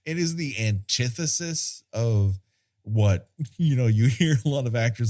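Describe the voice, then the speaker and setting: A man's voice: lowish voice, lively intonation, a little slow, darkish tone. A man co-hosting a podcast, chatting casually about a film, rambling and searching for words. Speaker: podcast co-host.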